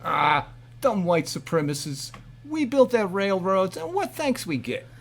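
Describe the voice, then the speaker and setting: A man's voice: high voice, sing-song, a little slow, voice pushed up, exaggerated voice. A man putting on a rude male immigrant cab driver in a comedy read-through, speaking broken English and barking insults.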